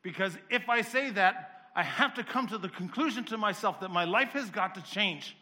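A man preaching a sermon, firing off rapid rhetorical questions and building to a fervent intensity, with the occasional self-deprecating aside. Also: sits high, expressive, pushed and bright.

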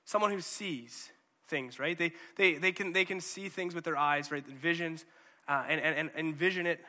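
Male preacher, fairly high bright voice, casual animated sermon, hall reverb. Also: moderate pace. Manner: conversational, animated, checks in with "okay?" and "right?".

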